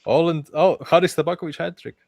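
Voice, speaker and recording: A man hosting a casual football podcast, talking in an animated way and often restarting his sentences. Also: fairly high pitch, fast talker, creaky, no echo. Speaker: podcast host.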